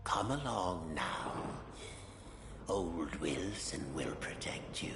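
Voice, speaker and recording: An actor playing a sinister old male janitor in a video game, talking in a whispery, gravelly, oily voice. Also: low-pitched, sing-song, background noise, full character voice. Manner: slow, oily, menacing reassurance. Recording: roomy game audio with music.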